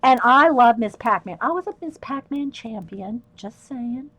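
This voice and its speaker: A woman's voice: fairly high pitch, animated, normal speed, fairly bright tone, a little hiss or hum. A middle-aged woman telling rambling stories while painting on a livestream, often breaking into laughter. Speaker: art livestreamer. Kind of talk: chatty storytelling while painting.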